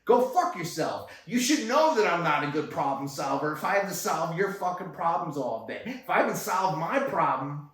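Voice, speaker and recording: A man in his fifties rants and swears his way through a story, circling back over the same lines. His voice sits a little high for a man. He is set back from the mic in a very echoey room. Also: big pitch swings, normal speed, few pauses, fairly bright tone, distant mic. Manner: ranting, profane, repetitive. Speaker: guest. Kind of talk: casual profane storytelling.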